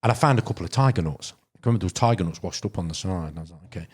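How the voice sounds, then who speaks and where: A man's voice: sits low, animated, racing, slightly rough. A man from Derbyshire, a podcast guest telling long fishing stories in casual chat, full of restarts and fillers. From Derbyshire, England. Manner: rambling storytelling with many restarts and fillers. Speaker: podcast guest, carp angler.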